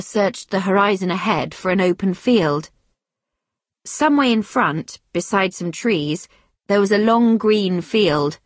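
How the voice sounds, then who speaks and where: A woman reading a story aloud in a steady, clear storytelling manner. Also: mid-range voice, slow, no echo, studio quality. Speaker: narrator.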